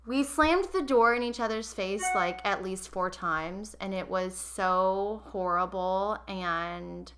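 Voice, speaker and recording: A young woman hosting a podcast, telling a personal story in an animated, emotional way and speaking straight to her listeners. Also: mid-range voice, slow pace, few pauses. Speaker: podcast host. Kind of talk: casual confessional storytelling.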